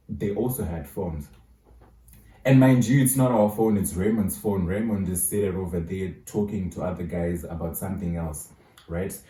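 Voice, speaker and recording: Man, low mellow voice, rambling storytime, roomy echo, mic set back. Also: recorded from a distance. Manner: rambling, self-correcting storytelling. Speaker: vlogger. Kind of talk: casual storytime.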